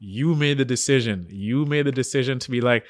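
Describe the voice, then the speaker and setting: A man's voice: mid-range voice, brisk, no echo. A man from Kenya, co-hosting a podcast in casual chat, emphatic and laughing often. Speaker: podcast co-host.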